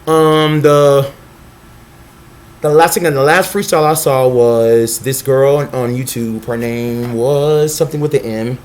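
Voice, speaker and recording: A young man rambling in a casual vlog monologue, excitable and profane, jumping between thoughts and acting out quotes. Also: a little slow. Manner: scattered, excitable, profane, acts out quotes in a high voice. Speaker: vlogger.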